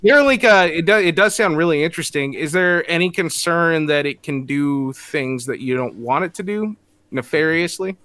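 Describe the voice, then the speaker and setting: A man's voice: on the high side, expressive, a bit bright, clean tone. A man co-hosting a podcast in casual banter, joking and teasing. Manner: joking, teasing, quick asides. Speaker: podcast co-host.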